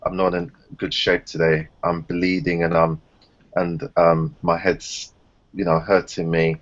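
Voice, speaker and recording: A man chatting casually on a group video call, telling stories and acting out other people's voices. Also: measured pace. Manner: animated storyteller, acts out others in high voices. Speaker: round table panelist. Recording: dull lo-fi call audio.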